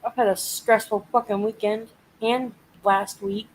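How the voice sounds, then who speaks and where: A woman's voice: medium pitch, steady tone, unhurried, a little hiss or hum, low-quality recording. A woman hosting a casual live chat, venting and swearing as she animatedly retells a frustrating week. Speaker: live stream host.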